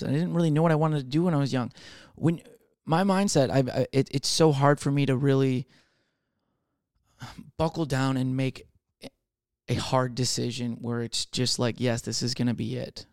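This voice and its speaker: A man's voice: medium pitch, steady tone, moderate pace, a little mellow, dry recording, clean studio sound. A man in his twenties telling a rambling, profane comic monologue with lots of restarts. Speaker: comedian.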